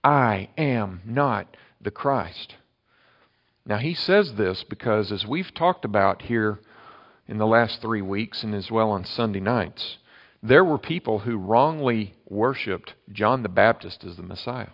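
A man preaching a sermon, emphatic, with sharp swings between loud and quiet. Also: lowish voice, lively intonation, unhurried, dull audio. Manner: emphatic preaching with dramatic shifts in loudness. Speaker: pastor.

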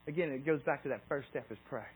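A man's voice: mid-range voice, fast, husky, soft background music, rough recording. A middle-aged man giving a conversational sermon, often restarting his sentences and reading scripture aloud. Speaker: preacher.

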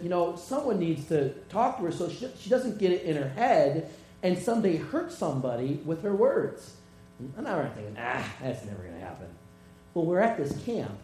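Man, pastor, sermon storytelling, halting repeats, relaxed dark tone, reverberant room. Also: fairly high pitch. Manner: halting, repeats words, retells conversations. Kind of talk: sermon with personal stories. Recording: echoey room with mains hum.

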